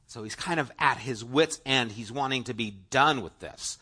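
A male pastor preaching an earnest, conversational sermon, talking straight to the congregation and swinging between emphatic lines and hushed asides. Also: mid-range voice, moderate pace, hardly any pauses, husky.

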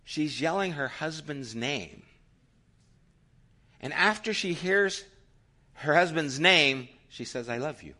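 A middle-aged man preaching a sermon in a bright, forceful voice. He swings between loud, passionate urging and hushed, almost whispered lines. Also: fairly high pitch, lively intonation, takes it slowly, pauses often. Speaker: pastor.

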